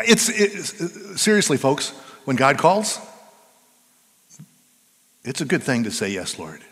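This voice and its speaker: Slow-speaking pastor preaching in a big hall. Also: male voice, a little high. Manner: preaching with swings between hushed and loud emphatic delivery. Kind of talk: sermon.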